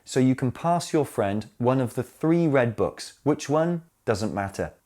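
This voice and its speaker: A man narrating a scripted English grammar lesson, explaining slowly and clearly and speaking his examples aloud. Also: mid-range voice, lively intonation, a little mellow. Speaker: English teacher.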